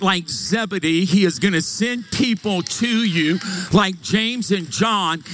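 High-voiced pastor preaching live in church. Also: male voice. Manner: energetic, joking, calls on the congregation to respond. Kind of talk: sermon.

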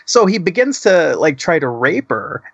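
A man's voice: fairly high pitch, sing-song, normal speed, vocal fry, fairly bright tone, husky, no echo, dull audio. A man co-hosting a casual chat, laughing and swearing as he retells a movie's scenes. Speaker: podcast co-host.

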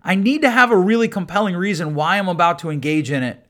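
Higher-voiced man hosting a chatty solo podcast. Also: fast talker, a bit bright. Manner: conversational, repeats and restarts words, self-mocking dry humor. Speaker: podcast host.

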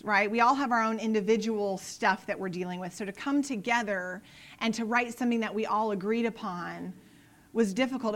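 A woman preaching a sermon in an earnest way, moving between soft, quiet lines and emphatic ones, and closing in prayer. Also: mid-range voice. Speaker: pastor.

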